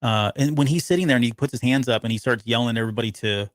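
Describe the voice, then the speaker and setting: A man's voice: mid-range voice, rapid-fire, no room sound. A man co-hosting a podcast, casually breaking down a TV episode in a rambling way with lots of restarts. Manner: rambling, frequent restarts and fillers. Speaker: podcast co-host.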